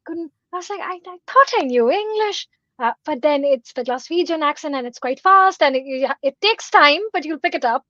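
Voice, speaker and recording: A woman from India answers as a panelist in an upbeat, chatty way. Her voice is fairly high, and she comes through a video call with muffled, low-fidelity sound that is dry and close. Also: fairly quick, hardly any pauses, sharp tone, dry recording.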